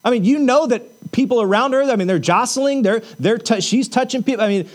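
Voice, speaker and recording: A man's voice: extremely high pitch, brisk. A man preaching a sermon in a conversational way, asking rhetorical questions and using casual fillers. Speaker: pastor.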